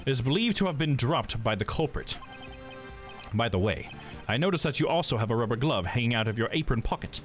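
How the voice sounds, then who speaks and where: A man reading the part of a calm male prison investigator who asks measured, quietly accusing questions. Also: mid-range voice, faint music behind, close to an everyday voice. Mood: probing.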